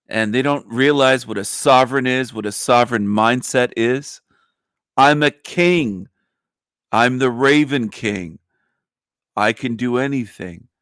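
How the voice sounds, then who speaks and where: Gravelly low-voiced man ranting on a livestream. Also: no room sound, studio quality. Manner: boastful, drawn-out mocking emphasis. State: groggy voice after a nap. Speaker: livestream host. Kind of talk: casual livestream rant.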